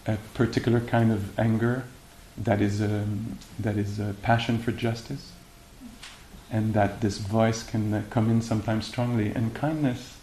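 A man giving a meditation talk and answering questions, speaking haltingly with many fillers and restarts. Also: lowish voice, fairly even intonation, dark tone. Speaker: meditation teacher. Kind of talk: dharma talk and Q&A. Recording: echoey room with faint hiss.

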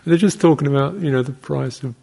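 A man, a Buddhist monk, giving an informal dharma talk in a rambling, anecdotal way, breaking into soft laughs and short acted-out exclamations. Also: medium pitch, fast, vocal fry, husky. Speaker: Buddhist monk teaching meditation.

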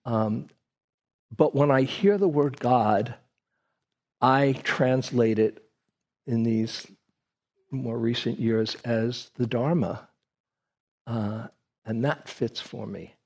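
A man with a husky, slightly breathy voice gives a dharma talk to a group. He talks slowly and reflectively, often restarting his sentences as he tells a personal story. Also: mid-range voice, a little mellow.

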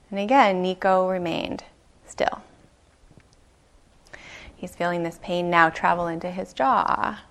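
A woman meditation teacher giving a dharma talk, telling a story slowly and gently, with soft pauses. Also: medium pitch. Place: retreat meditation hall.

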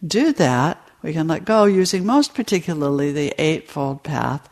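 A woman meditation teacher giving a dharma talk to retreat participants, in a slow, storytelling delivery. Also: low voice, expressive, a little mellow.

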